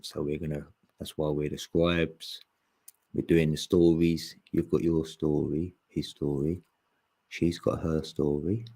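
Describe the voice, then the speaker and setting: Man, podcast host, casual spiritual chat, laughs a lot, husky, dark tone. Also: extremely low pitch, level tone, measured pace. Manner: laid-back, laughs often, slangy, acts out quoted voices.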